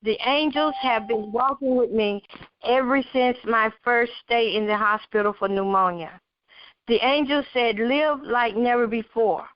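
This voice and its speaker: A woman's voice: a little high, a little slow, dry recording, natural voice. A woman reading the lines of a weak, coughing teenage girl who is dying and speaks serenely to reassure her parents. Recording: dull lo-fi recording.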